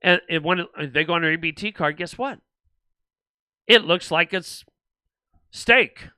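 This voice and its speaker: A man's voice: fairly high pitch, unhurried, clean tone, no room sound. A man hosting a livestream, ranting sarcastically about politics and reading out viewer comments. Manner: animated and sarcastic, mocking other voices. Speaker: livestream show host.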